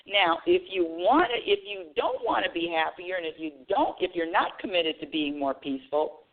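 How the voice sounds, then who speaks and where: A woman's voice: on the low side, very animated, normal speed, few pauses. A woman hosting a live talk radio show, telling a story in a chatty way. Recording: tinny phone line.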